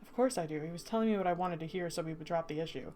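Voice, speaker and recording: A woman reading the lines of a calm, resigned young nobleman in a story, with quick, level delivery. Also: on the low side, a little hiss or hum, lightly acted.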